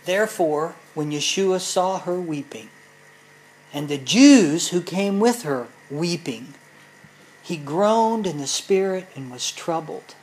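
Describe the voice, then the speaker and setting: A woman's voice: on the low side, animated, takes it slowly, a little mellow, a little hiss or hum, rough recording. A woman teaching a sermon in an earnest, explanatory way, speaking directly to her listeners. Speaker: Bible teacher.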